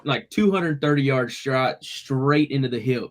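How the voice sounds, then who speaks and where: A man with a relaxed drawl spins a yarn for his co-hosts, slipping into other people's lines as he goes. His voice sits at an ordinary middle pitch. He talks in an easy, conversational way. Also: unhurried. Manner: laid-back storyteller, acts out quotes. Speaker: podcast co-host. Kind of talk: casual storytelling chat.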